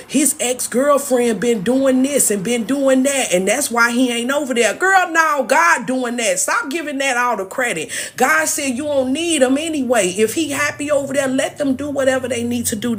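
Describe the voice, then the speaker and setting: Her voice is on the high side and fairly bright, with slight background noise from the phone microphone. At home and moving around indoors, she hosts a TikTok live to share a spiritual message, speaking to viewers earnestly and emotionally, preaching and often repeating herself.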